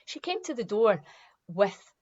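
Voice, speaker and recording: A woman's voice: medium pitch, big pitch swings, measured pace, a little mellow, dull audio. A woman, founder of a wellness movement, talking emphatically and animatedly, sometimes acting out other people's voices. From Scotland. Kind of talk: impassioned motivational talk.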